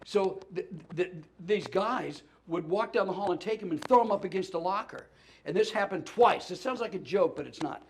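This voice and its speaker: A man telling comic stories as a talk show guest, animated, stumbling over restarts and laughing through punchlines. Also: high voice, normal speed, a little hiss or hum. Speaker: comedian and guest. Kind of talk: storytelling chat.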